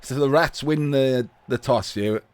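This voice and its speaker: A male esports commentator calling a match live in a loose, chatty way. He laughs often and swears without a second thought. His mid-pitched voice is getting a little hoarse. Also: a little slow, darkish tone, no room sound. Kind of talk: casual live video game commentary.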